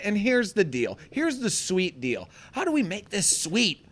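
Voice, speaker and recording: Excitable, laughing livestream host. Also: male voice, high voice, measured pace, no echo. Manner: excitable, laughing, jumps between loud and mumbled asides. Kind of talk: rowdy casual livestream chat.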